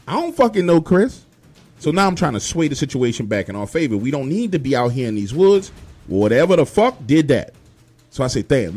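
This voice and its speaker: Swearing guy telling a scary true story, voice all over the place, faint music behind. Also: on the high side. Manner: profane, animated street-style telling. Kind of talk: spoken true horror story.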